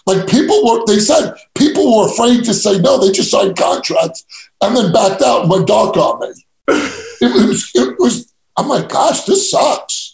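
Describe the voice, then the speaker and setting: A brash middle-aged man from New tells his stories in a gravelly voice. He mocks himself and stumbles into quick restarts. His voice sits a little high, and the room around him echoes. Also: animated, a little mellow. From New York. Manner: brash, self-mocking storyteller with stammered restarts. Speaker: guest, real estate agent. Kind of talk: casual storytelling interview.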